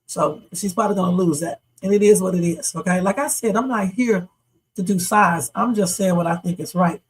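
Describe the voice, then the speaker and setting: A middle-aged woman runs a casual reaction livestream with a slightly husky voice. She talks bluntly and with emphasis, answering her chat directly. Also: lowish voice, a little fast, rough recording.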